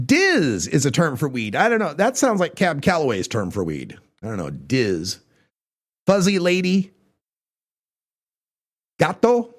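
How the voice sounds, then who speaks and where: An older male talk radio host with a fairly high voice that swings widely in pitch. He reads through a list in a casual, wry way, full of jokes and chuckling asides. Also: a bit bright.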